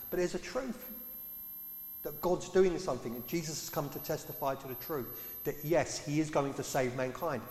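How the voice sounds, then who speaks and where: A man delivers a sermon in a conversational, questioning style, pitched a little high. His voice carries through a roomy hall with a long reverb tail. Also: a little fast, a little mellow. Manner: conversational, asks the congregation questions. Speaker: preacher. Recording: echoey hall.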